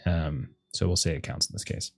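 Husky-voiced man running a tabletop game. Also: low-pitched, fairly even intonation, a little fast, soft background music. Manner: rambling, filler-heavy narration. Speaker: game master.

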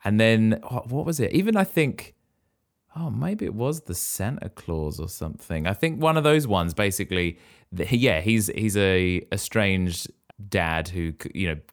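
A man's voice: fairly low pitch, lively intonation, normal speed. A man co-hosting a casual podcast, chatting and riffing on film references as he reacts. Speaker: podcast co-host. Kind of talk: casual chat.

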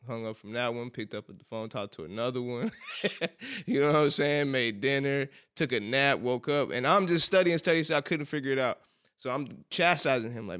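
Smooth-voiced man telling a story. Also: mid-range voice. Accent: Southern US. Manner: animated storyteller, laughs often, says "bro". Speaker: podcast co-host. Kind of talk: casual chat, storytelling.

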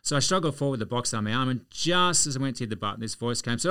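A man's voice: medium pitch, racing, sharp tone, clean tone, no echo. An Australian man, a podcast guest, telling anecdotes in a chatty way. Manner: chatty, anecdotal, chuckles through stories. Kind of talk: casual storytelling.

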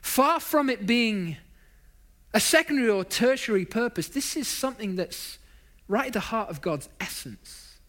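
A man's voice: sits high, animated, normal speed, a bit bright. A man preaching a sermon, stacking up emphatic lists of phrases and dropping in self-deprecating asides.

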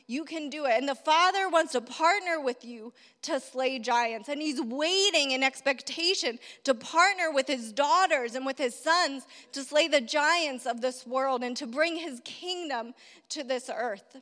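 A woman's voice: sits high, normal speed, fairly bright tone. A woman preacher giving a sermon, telling a story with rhetorical questions and repeating key phrases for emphasis. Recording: long hall reverb.

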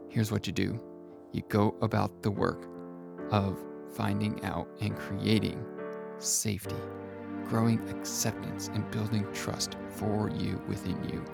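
A man coaching listeners on self-kindness in a soft, intimate way, calling the listener his friend. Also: on the low side, creaky. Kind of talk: gentle motivational monologue.

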